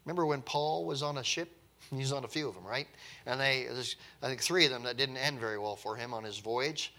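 A man's voice: medium pitch, fairly quick, pushed and bright. A man preaching a conversational, emphatic sermon, often repeating his words as he explains.

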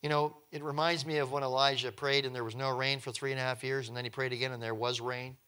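A man's voice: medium pitch, level tone, quick pace, bright, forceful tone, clear, resonant tone. A male preacher giving a conversational Bible teaching, reading scripture aloud and breaking in with wry, joking asides.

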